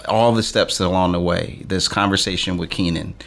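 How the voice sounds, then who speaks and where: Low-voiced male podcast host. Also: fairly even intonation, moderate pace, vocal fry, a bit bright. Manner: reflective, summing up the guest's story. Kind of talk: podcast interview.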